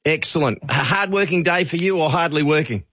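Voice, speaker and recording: An Australian man hosting a phone-in radio show, with brisk, jokey, upbeat banter. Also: a little high, fairly bright tone, dry recording. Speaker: radio host. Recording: slightly dull radio audio.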